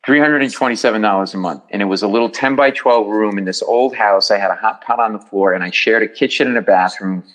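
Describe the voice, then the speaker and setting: A middle-aged man, a comedian, telling stories as a podcast guest in a lively way and acting out the other people's voices. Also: lowish voice, quick pace, hardly any pauses, rough recording. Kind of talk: podcast storytelling.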